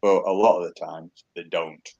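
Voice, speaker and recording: A man's voice: sits low, fairly even intonation, moderate pace, dull audio, a crowd in the background. A man hosting a casual chat, speaking in a plain, conversational way.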